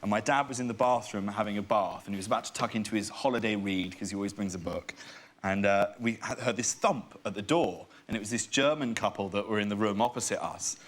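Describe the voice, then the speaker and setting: A young man, a guest on a chat show, chatting and telling family stories with quick laughs. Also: on the low side, fairly bright tone. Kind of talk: casual chat show interview.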